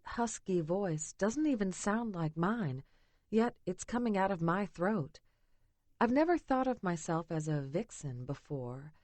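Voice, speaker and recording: A woman reading a first-person romance audiobook in an intimate, breathy way. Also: on the low side, darkish tone, no echo. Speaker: audiobook narrator.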